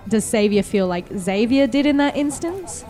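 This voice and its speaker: A woman running a tabletop roleplaying game, relaxed and laughing often. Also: fairly high pitch, moderate pace, soft background music. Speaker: game master.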